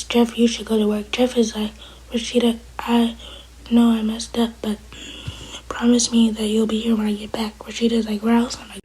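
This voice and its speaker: A woman casually recapping a TV episode, retelling scenes through quoted dialogue in a breathy, half-whispered voice. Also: on the high side, warm tone, low-quality recording. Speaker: TV show reviewer.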